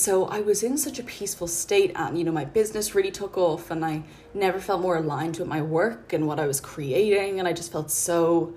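Over a bit of background noise, a woman from Ireland hosts a podcast, thinking out loud in a relaxed, reflective way. Her voice sits on the low side, and her gentle, earnest delivery wanders, filled with plenty of "like" and "um."

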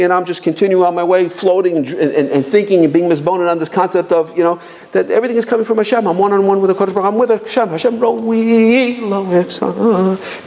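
A man's voice: high voice, darkish tone. A man teaching as he tells a personal story, sprinkling in Hebrew and Yiddish terms and often restarting his sentences. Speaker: religious teacher. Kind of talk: storytelling sermon.

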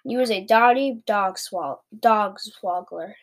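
A woman reading the lines of a huge, greedy male giant in a storybook, shouting bossily with mangled grammar. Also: a little high, normal speed, close to an everyday voice. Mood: bullying.

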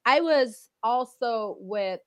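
A young woman hosts a podcast and tells a personal story with lively energy, slipping into other people's voices as she goes. Her voice sits fairly high. The recording is dry and close, with almost no room sound. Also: slow, smooth, dry recording. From outside the US. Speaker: podcast host. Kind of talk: casual interview chat.

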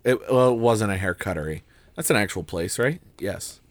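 A tired man co-hosting a comedy podcast, rambling through a story, his voice jumping up and down in pitch and loudness. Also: expressive, moderate pace, dry recording. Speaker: podcast co-host.

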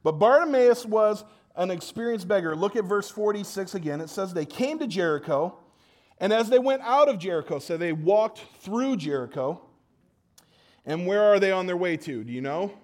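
A man with a notably high, light voice preaches at a church service. He talks casually and with energy, teasing and rousing the crowd, and often stumbles and restarts mid-sentence. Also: normal speed. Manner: energetic, joking, audience call-and-response; conversational with frequent restarts.

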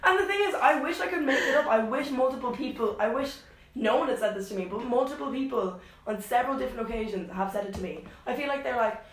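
A woman's voice: a little high, quick pace, distant mic. A young Irish woman telling dating stories in casual chat, acting out what people said. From Ireland. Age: young adult. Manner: animated storytelling, acts out quotes. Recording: echoey room, faint noise.

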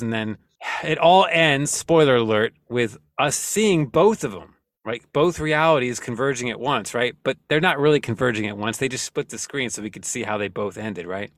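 A man's voice: medium pitch, a bit bright, no echo. Laid-back wry man, dry close sound. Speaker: podcast host. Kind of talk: casual chat.

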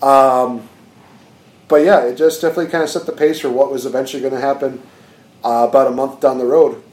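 A man co-hosting a podcast, recapping wrestling in casual chat, animated and laughing as he acts out quotes. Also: medium pitch, a little fast, echoey room, poor audio. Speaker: podcast co-host.

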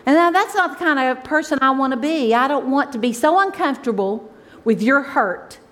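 A woman, a pastor's wife preaching a conversational, emotional sermon that swings from loud exclaims to soft asides. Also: sits high, lively intonation, moderate pace.

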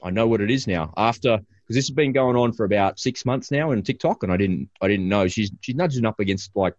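A man hosting a podcast, telling a story about his family in a casual, animated way with many restarts. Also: lowish voice, a little fast, no room sound, highs cut off. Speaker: podcast host and father.

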